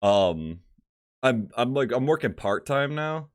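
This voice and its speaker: A man's voice: mid-range voice, big pitch swings, takes it slowly, no room sound, studio quality. A man co-hosting a casual podcast, talking in loose runs full of fillers and laughing often. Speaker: podcast co-host. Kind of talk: casual chat. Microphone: home studio mic.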